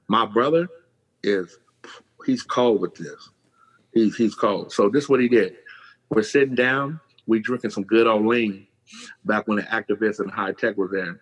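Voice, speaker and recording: A middle-aged man from California, a podcast guest telling his life story in casual, animated talk, swearing freely and acting out the voices of people he quotes. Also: lowish voice, measured pace, breathy edge, low-quality recording.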